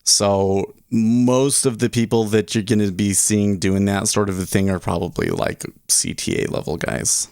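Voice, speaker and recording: A man's voice: lowish voice, measured pace, gravelly, hardly any pauses, darkish tone, no echo, studio quality. A man hosting a casual livestream, rambling and cutting himself off as he talks. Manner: rambling, self-interrupting. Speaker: livestream host.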